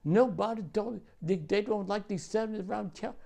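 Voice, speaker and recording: Young male recruit, bewildered, whiny, pitched up, as an old man puts him on. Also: moderate pace, vocal fry, dark tone. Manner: confused, whiny questions.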